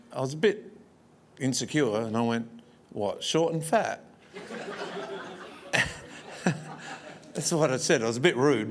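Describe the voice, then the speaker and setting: A man's voice: mid-range voice, slight background noise. A man preaching a storytelling sermon with humorous, self-deprecating asides and frequent chuckles.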